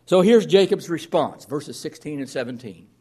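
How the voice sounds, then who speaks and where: A man's voice: fairly high pitch, animated, moderate pace, darkish tone, breathy edge. Earnest man preaching a sermon. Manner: earnest, reads scripture aloud, frequent repeated words and restarts. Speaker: pastor.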